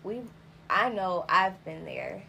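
A woman's voice: fairly low pitch, expressive, slow pace, vocal fry, sharp tone, slight background noise. A young adult woman in casual podcast chat, speaking earnestly and reflectively in long explaining sentences.

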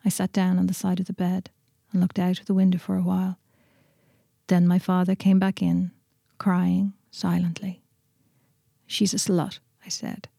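Woman reading a short story, measured, mellow, slightly gravelly, dry studio sound. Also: fairly low pitch, monotone, no echo.

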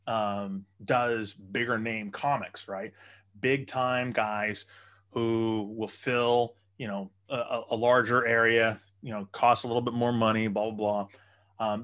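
A man with a bright, forceful voice in casual chat, telling long rambling stories and swearing freely. He is trying to buy a comedy club, and his delivery is loose and conversational. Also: mid-range voice. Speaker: would-be comedy club owner.

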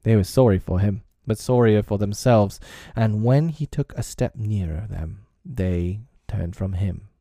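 A man narrating a storybook chapter with expressive delivery. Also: on the low side, a little slow, few pauses, no room sound, clean studio sound. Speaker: audiobook narrator.

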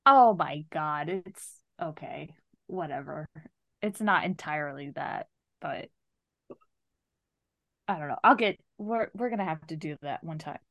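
Female co-host, lively pitch, unhurried delivery, dry close sound. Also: no room sound, dull audio. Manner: expressive, laughs easily, emphatic exclamations. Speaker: podcast co-host. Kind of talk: casual movie review chat.

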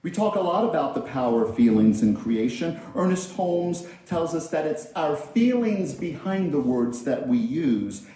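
A male minister delivers a sermon in a chatty, conversational way, often repeating phrases. His voice sits high and moves a lot, with a mellow, soft tone. The sound carries strong echo from a large hall. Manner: conversational, repeats phrases and acts out everyday quotes. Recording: very echoey hall.

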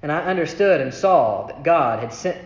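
A preacher giving an evening sermon, reading scripture and explaining it in a relaxed, conversational way, often asking "right?" and acting out the quoted speakers. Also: moderate pace. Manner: conversational, asks rhetorical "right?" questions; acts out quoted speech with shifts in pitch. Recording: echoey hall, dull lo-fi sound.

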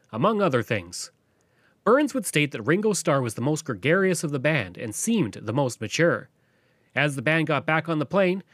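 A man hosting a podcast, narrating history from a script in a lively storytelling way. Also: fairly high pitch, no echo, clean studio sound. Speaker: podcast host.

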